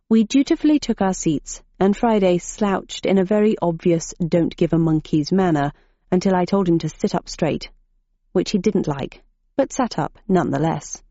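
A woman reading a novel aloud as a narrator, in a dry, measured manner. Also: fairly low pitch, warm tone, no echo. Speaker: audiobook narrator. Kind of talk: scripted narration. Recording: dull muffled audiobook recording.

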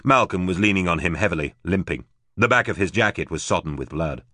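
A man narrating an audiobook in a steady, even storytelling manner. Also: sits low, brisk, no room sound, clean studio sound.

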